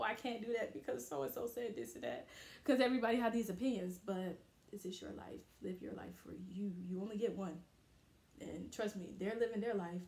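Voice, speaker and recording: A young woman talks straight to camera in a casual motivational vlog, candid and emphatic, leaning on repeated phrases to drive her point home. Her voice sits at an ordinary middle pitch. The sound bounces around a small, hard-walled room. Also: echoey room. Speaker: vlogger. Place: her bathroom.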